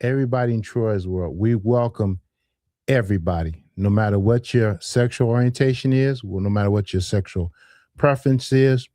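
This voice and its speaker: A man hosting a live call-in show, speaking in a calm, measured way and often saying "all right". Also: lowish voice, dry recording, clean studio sound.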